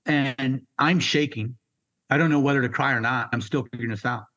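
Veteran man, 50s, candid and raw, plain mid pitch, slightly dull audio. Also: fairly even intonation, bright, forceful tone. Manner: blunt, raw and halting, swears freely. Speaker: military veteran interviewee. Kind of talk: candid personal storytelling.

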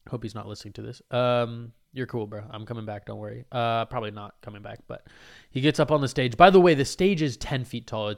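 A young man telling a story about his comedy gigs in a casual, animated and profane way, mocking himself. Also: medium pitch, clean tone.

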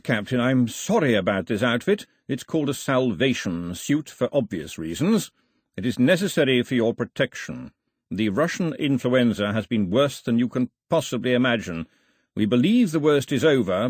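A man's voice: medium pitch, big pitch swings, normal speed, no room sound, studio quality. An audiobook narrator, a man, voicing a grave, authoritative older male chairman.

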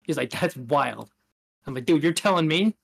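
A man co-hosts a podcast, spinning a wandering anecdote in relaxed chat while frequently laughing and performing other people's lines. His voice is fairly high yet gravelly and husky, animated, at a moderate pace.

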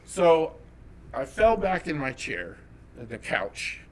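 A man from California telling a personal story as an interview guest, animated and acting out the dialogue. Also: a little high, takes it slowly. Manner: animated, acts out quoted dialogue.

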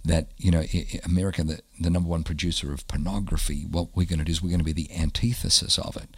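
A middle-aged Australian pastor telling stories in a casual interview, animated and acting out the voices of people he quotes. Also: sits low, fast talker, slightly rough, no room sound.

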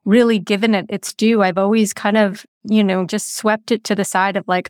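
A woman's voice: medium pitch, flat delivery, moderate pace, smooth, no room sound, studio quality. Earnest woman podcast host, reflective. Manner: earnest, reflective, personal storytelling. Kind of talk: conversational interview.

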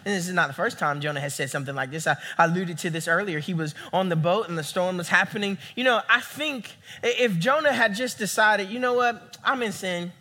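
High, bright-voiced young man preaching. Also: fast, few pauses. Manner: animated, acts out quoted voices. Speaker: campus pastor. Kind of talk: sermon.

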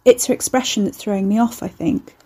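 A woman voicing Carrie, a frightened young woman who speaks in a shaky, halting way. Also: mid-range voice, mellow, husky, natural voice. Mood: distraught.

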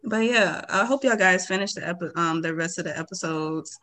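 Bright-voiced young woman, giggly chat. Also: lowish voice, fairly quick. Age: young adult. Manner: giggly storytelling. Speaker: podcast co-host. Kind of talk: casual chat.

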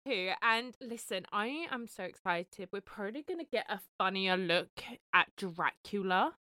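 A young woman co-hosts a podcast in excitable, gushing casual chat with casual swearing. Her voice is bright and crisp. The recording is close and dry. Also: mid-range voice, normal speed, no room sound. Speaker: podcast co-host.

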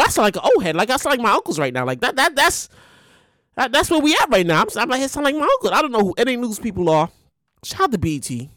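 A woman hosting a podcast in a casual monologue, with a loud voice and an animated, profane way of talking. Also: a little high, fast talker, no room sound. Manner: animated, profane, acts out quotes in bursts. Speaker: podcast host.

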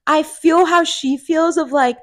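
A giggly woman with a high, bright-toned voice co-hosts a casual podcast. She talks emphatically and laughs often between remarks. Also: steady tone, unhurried. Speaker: podcast co-host. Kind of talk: casual chat.

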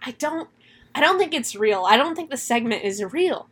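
A woman's voice: high-pitched, animated, moderate pace, fairly bright tone, husky. A woman hosting a casual podcast chat, retelling a horror film's plot with swearing and laughter. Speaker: podcast host reviewing a horror film.

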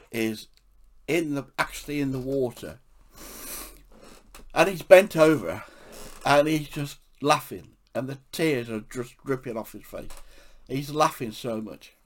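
Lively man telling fishing tales. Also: medium pitch. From England. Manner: animated, often laughing at his own stories. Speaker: podcast storyteller. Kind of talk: anecdotal storytelling.

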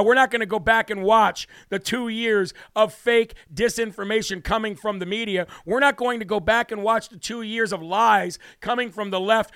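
Brash, worked-up man, high voice. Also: fairly bright tone, clear, resonant tone, no echo, clean studio sound. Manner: brash, combative, repetitive declarations. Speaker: political talk show host. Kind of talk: heated political commentary monologue.

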